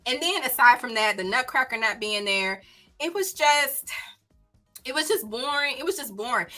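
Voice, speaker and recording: Chatty country-accented woman, bright voice. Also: on the high side. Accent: Southern US country. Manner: animated, chatty, drawls and exclaims. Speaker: book channel host. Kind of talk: casual livestream chat.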